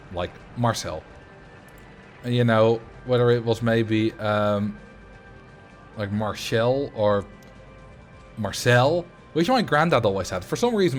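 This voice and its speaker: A man in his late twenties hosting a livestream, telling rambling anecdotes in casual chat. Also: medium pitch. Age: late 20s. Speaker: livestream host.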